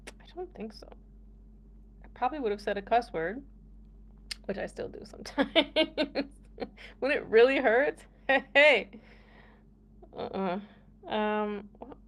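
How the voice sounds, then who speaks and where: A woman's voice: a little high, slow, pauses often, a bit bright, slight background noise. A young American woman chatting casually to her viewers, playful and laughing often as she talks. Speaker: vlogger. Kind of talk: casual chat to camera.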